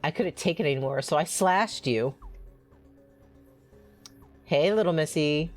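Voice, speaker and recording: A woman voicing a gruff, rough-mouthed male serial killer, reading game dialogue aloud in a blunt, casual way. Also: low-pitched, unhurried, faint music behind.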